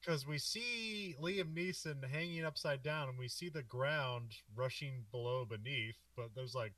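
A man's voice: mid-range voice, a little slow, a bit bright, recorded from a distance. A man co-hosting a podcast, recapping a film in a loose, rambling way and laughing often. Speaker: podcast co-host. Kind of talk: casual film discussion.

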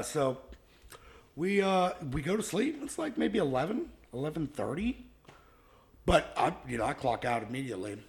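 A man in his thirties, a podcast co-host telling a story in casual chat, animated and laughing, acting out quotes loudly. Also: mid-range voice. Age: 30s.

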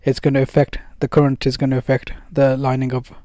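A man's voice: medium pitch, completely flat delivery, fast talker, warm tone, no echo, studio quality, close to an everyday voice. A man voicing a flustered mother who stammers and over-agrees as she apologizes.

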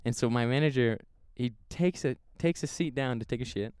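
A young man co-hosting a podcast, telling stories with loud high-pitched impressions of other people. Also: fairly quick, smooth, dry recording, clean studio sound. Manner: animated storyteller, yells high when quoting people. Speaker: podcast co-host. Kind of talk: casual chat.

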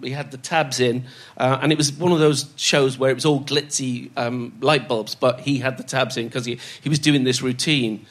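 A man's voice: mid-range voice, fairly bright tone. An older man telling stories as a podcast guest, laughing as he goes and doing the voices of the people he quotes. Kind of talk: anecdotal storytelling.

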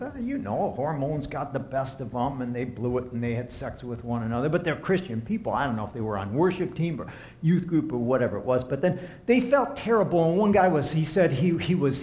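A man preaching a sermon and counseling as he talks, impassioned, swinging from soft to emphatic. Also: mid-range voice, slight background noise. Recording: echoey room.

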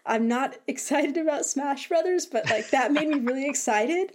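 A young woman with a slightly high voice chats casually as a co-host. She talks in an excitable, rambling way, full of fillers. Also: moderate pace, noisy background. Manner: chatty, excitable, lots of fillers. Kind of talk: casual chat about video game news.

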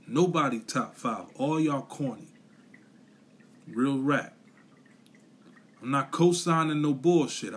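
A man's voice: fairly high pitch, a bit bright, a little hiss or hum. A man on a podcast giving a blunt, profane, repetitive motivational rant, full of slang. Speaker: podcast host.

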